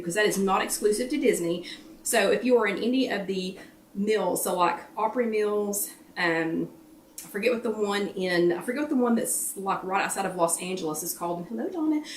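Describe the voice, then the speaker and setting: A woman's voice: medium pitch, recorded from a distance. Chatty woman hosting a live chat. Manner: chatty, greets viewers by name mid-sentence. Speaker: host of a live weekly wellness chat. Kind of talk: casual live-stream chat. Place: at home. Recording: roomy echo, speaking from off the mic.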